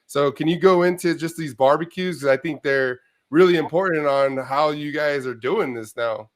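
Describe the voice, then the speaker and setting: A man's voice: on the high side, normal speed. A man hosting a casual interview, setting up his questions with a loose, rambling lead-in. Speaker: interview host.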